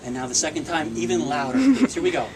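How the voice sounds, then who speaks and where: Lively high-voiced man leading a yodel workshop. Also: quick pace, gravelly, heavy background noise. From Pennsylvania, USA. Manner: jokey, theatrical, breaks into yodels and cuckoo calls. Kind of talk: playful live workshop with audience call-and-response. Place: bookstore event with an audience.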